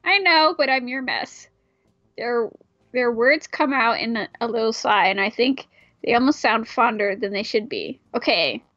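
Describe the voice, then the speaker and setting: A woman's voice: fairly high pitch, expressive, moderate pace, fairly bright tone, no echo, highs cut off. A woman reading a visual novel aloud in a casual way, breaking off for irreverent, swearing asides. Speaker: player reading a game aloud.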